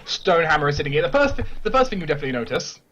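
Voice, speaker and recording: A man running a tabletop game as game master, narrating quickly with frequent restarts. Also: a little high, big pitch swings, fairly bright tone, lo-fi sound.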